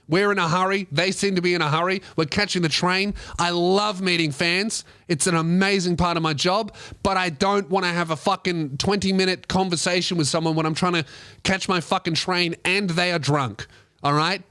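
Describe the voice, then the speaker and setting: A man with an Australian accent, a comedian telling a rambling, profane story in casual, animated talk. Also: high-pitched, dry recording, studio quality. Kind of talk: comic storytelling.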